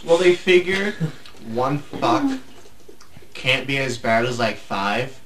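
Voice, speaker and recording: A man's voice: medium pitch, big pitch swings, slow, a bit bright. Dry sarcastic man in a roomy space. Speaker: podcast co-host and editor. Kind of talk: casual podcast chat. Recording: roomy echo, faint hiss.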